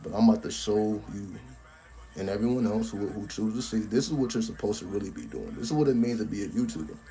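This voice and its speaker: A man's voice: lowish voice, lively intonation, fast, dark tone. A man giving a casual live-stream talk on a cell phone, blunt and profane, tagging his points with "right?", with faint music behind him. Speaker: spiritual content creator.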